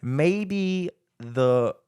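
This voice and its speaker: A man co-hosting a podcast in casual, animated chat, swearing and laughing often. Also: a little high, extremely slow, clean tone, dry recording, lo-fi sound. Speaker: podcast co-host.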